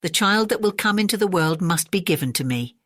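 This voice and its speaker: A mighty old witch barks her demands in a harsh, commanding tone, voiced by a woman reading a storybook. The voice sits low and close, with no room sound around it. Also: expressive, a little fast, fairly bright tone, no echo. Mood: bargaining.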